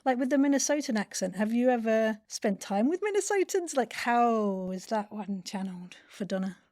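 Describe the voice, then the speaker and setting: A woman's voice: on the high side, lively intonation, normal speed, a little mellow, no echo, studio quality. A woman interviewer chatting casually, encouraging her guest with eager praise. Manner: enthusiastic, encouraging.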